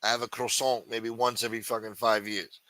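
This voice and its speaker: A man's voice: mid-range voice, level tone, a little fast, dry recording. A man hosting a live chat stream, swearing constantly, taunting and then muttering as he answers the chat. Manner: loud, taunting, swings between shouting and muttering. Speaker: livestream host. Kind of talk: profane live chat rant.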